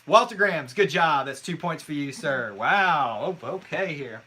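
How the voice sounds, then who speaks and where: A man's voice: on the high side, lively intonation, normal speed, sharp tone, slight background noise. A man co-hosting a live trivia night, reading out scores and teasing his co-host in a casual chat.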